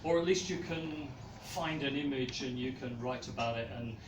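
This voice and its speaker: A man's voice: medium pitch, background noise. A man giving a comic poetry reading at a small live venue, hesitant between pieces with fillers. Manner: slow, deliberate delivery with hesitant fillers. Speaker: performance poet. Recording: roomy, distant live room mic.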